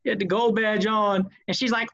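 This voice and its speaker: A man in a casual group chat, telling stories with animated acted-out quotes. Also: sits high, brisk, creaky, highs cut off. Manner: animated storyteller, acts out quotes.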